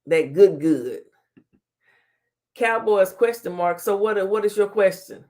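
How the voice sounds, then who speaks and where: Her mid-range voice is animated and slow-paced, a little mellow, as she hosts a casual live-stream talk show. She reads out comments and trash-talks them with a playful laugh, dropping Southern slang such as "child" and "honey."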